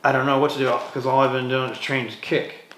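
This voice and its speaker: A man's voice: medium pitch, fast. A man, a martial arts instructor, telling stories as a podcast guest and acting out the dialogue in quoted voices. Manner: animated storyteller, acts out dialogue in quoted voices. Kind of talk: casual interview storytelling. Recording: roomy echo, faint noise.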